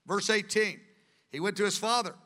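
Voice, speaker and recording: A man preaching a sermon with earnest, animated delivery, in a large hall. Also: high-pitched, moderate pace. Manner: earnest, acts out quoted voices. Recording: long hall reverb.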